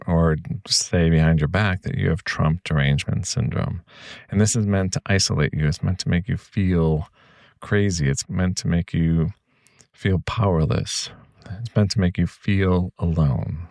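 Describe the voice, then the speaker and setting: A man's voice: low voice, gravelly, mellow, no echo, clean studio sound. A man hosting a reflective podcast monologue, speaking earnestly and reassuringly straight to the listener. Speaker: podcast host.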